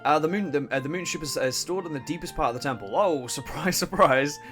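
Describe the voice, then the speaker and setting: A young man giving casual, swearing, laughing commentary on a game he plays, and he keeps clearing his throat. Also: a little high, fast, fairly bright tone, faint music behind. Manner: chatty, swearing, laughs a lot, self-interrupting. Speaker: let's play host.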